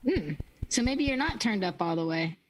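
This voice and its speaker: A woman's voice: medium pitch, expressive, moderate pace, poor audio. A woman hosting a livestream, chatty and upbeat in casual talk. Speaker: host. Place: small studio.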